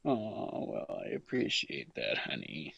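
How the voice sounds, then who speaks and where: A man co-hosts a comedic podcast in loose, joking chat. He talks bluntly and teases with plenty of swearing. His voice is a touch husky and moves up and down freely. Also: a bass voice, wildly swooping pitch, takes it slowly, a bit bright, muffled recording. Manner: blunt, teasing and profane. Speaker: podcast co-host.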